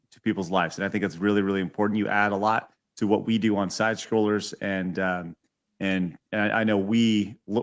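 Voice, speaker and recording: A man's voice: lowish voice, a bit bright. A man from Texas, a podcast guest, speaking in an earnest, sincere way in casual chat.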